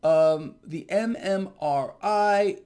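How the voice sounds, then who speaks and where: A man's voice: high voice, extremely slow, darkish tone. A man hosting his own market commentary vlog, talking in an emphatic, indignant way and repeating his points.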